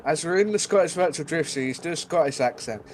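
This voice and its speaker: A man's voice: on the high side, lively intonation, quick pace, a little hiss or hum. A young man co-commentating a virtual drift event, teasing his partner and laughing often. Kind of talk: live sim-racing commentary.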